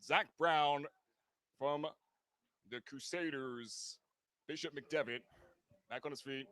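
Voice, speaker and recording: A man hosting a live high school football stream, giving measured color commentary with many fillers. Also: fairly bright tone. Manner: measured, filler-heavy analysis.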